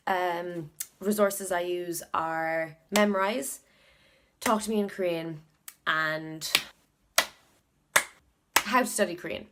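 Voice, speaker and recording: A woman's voice: deep voice, fairly bright tone. A woman with an Irish accent chatting casually in a study vlog, thinking aloud and repeating words to practise them. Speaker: video blogger learning Korean.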